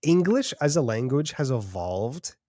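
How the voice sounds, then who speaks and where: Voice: medium pitch, very animated, unhurried, dark tone, no echo, clean studio sound. A podcast host in casual chat, asking curious follow-up questions and reacting readily.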